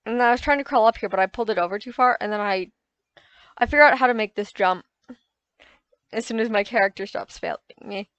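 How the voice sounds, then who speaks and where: A woman's voice: medium pitch, fast talker, fairly bright tone, no room sound, dull audio. Woman gamer doing a casual, self-correcting voice-over. Close mic, dry and plain. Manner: rambling, self-correcting, recounting frustrations. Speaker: gaming YouTuber. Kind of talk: casual gameplay voice-over commentary.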